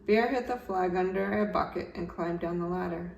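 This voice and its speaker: A woman, a teacher, reading a children's storybook aloud with gentle, expressive narration. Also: lowish voice, moderate pace, vocal fry, hardly any pauses, lo-fi sound. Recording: roomy echo, slightly distant mic, faint background noise.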